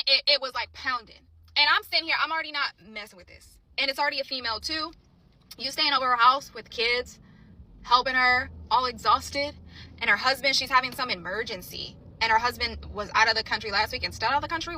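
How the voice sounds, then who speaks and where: A woman's voice: on the high side, quick pace, sharp tone. A young woman telling a relationship story to camera in a blunt, indignant way, swearing freely.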